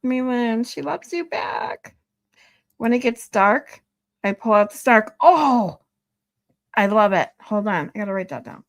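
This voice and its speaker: A woman's voice: medium pitch, lively intonation, moderate pace. A woman streaming live, chatting casually with viewers, laughing often and swearing loosely. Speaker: live streamer reading chat.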